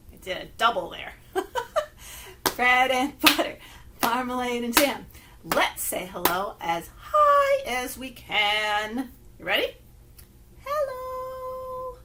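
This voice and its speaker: A children's librarian leads story time from home, speaking to young children in a sing-song way with a slightly high voice. There's background noise, and the session includes rhymes and finger plays.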